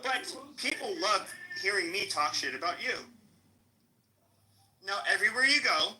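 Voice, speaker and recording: A man's voice: high voice, lively intonation, moderate pace, pushed and bright, soft background music, rough recording. A man with an American accent hosting a live podcast stream, taunting and cursing at a rival in a heated rant. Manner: aggressive, taunting, profane. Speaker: podcast host.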